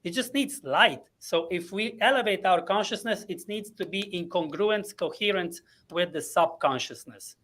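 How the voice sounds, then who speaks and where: A man, a coach and podcast guest, explaining his ideas earnestly, often pausing with fillers while searching for words. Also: high voice, expressive, fairly bright tone. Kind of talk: explanatory interview talk.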